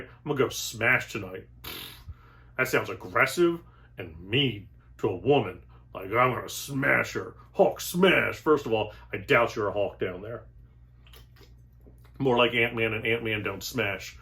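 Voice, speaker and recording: A young adult man delivering a comic monologue as host, sarcastic and animated, with exaggerated outbursts and quick asides. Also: medium pitch. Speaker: comedian host. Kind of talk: stand-up style comic monologue.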